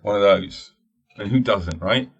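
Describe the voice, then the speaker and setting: Low husky-voiced man rambling. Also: a little slow, muffled recording. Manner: rambling and jokey, swears freely. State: wearing teeth-straightening trays. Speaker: podcast host. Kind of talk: casual solo podcast chat.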